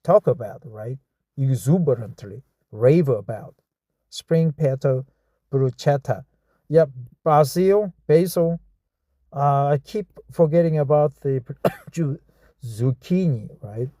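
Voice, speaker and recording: Slow Korean-accented man drilling English phrases. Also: medium pitch, mellow, no room sound, clean studio sound. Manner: slow, repeats words and phrases over and over to drill them; stumbles and self-corrects mid-word. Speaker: English learner practicing reading aloud. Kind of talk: reading practice with self-commentary.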